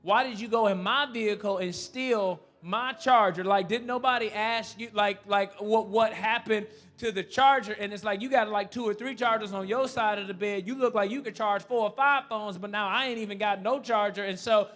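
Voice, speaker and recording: High-voiced emphatic man preaching. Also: normal speed, few pauses, fairly bright tone. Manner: humorous storytelling turning to earnest appeal; repetitive and emphatic. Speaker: pastor. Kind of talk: sermon. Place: church.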